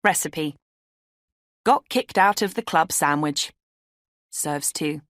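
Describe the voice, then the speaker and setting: A woman's voice: deep voice, slow, a bit bright, no echo, clean studio sound. A woman reading her own memoir as an audiobook, telling it in a wry, conversational way. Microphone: studio microphone.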